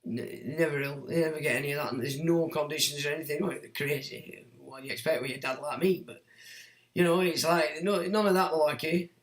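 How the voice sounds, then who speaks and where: A man's voice: a little high, fairly even intonation, fairly quick. A middle-aged man hosting a livestream, reading out chat comments and ranting in a blunt, crude, mocking way with plenty of swearing. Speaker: livestream host. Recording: echoey room.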